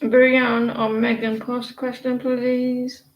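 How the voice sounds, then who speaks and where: A woman's voice: on the high side, little pitch movement, slow, reverberant, dull audio. A British woman doing tarot readings and chatting in a rambling, gossipy way with lots of hesitations. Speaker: tarot reader. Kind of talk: casual live-stream chat.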